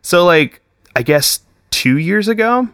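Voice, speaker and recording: A man's voice: high-pitched, big pitch swings, slow pace, fairly bright tone, smooth, no echo, clean studio sound. A young man, chatting casually as a podcast guest, full of swearing, "like" and "dude". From Texas. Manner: swears constantly, says "like" and "dude" a lot. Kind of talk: casual chat.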